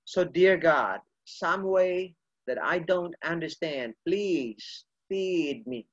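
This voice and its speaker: Preacher playing a humble praying pastor. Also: male voice, on the high side, expressive, slow pace, lo-fi sound, voice pushed down. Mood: prayerful. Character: small thin male pastor, humble and prayerful.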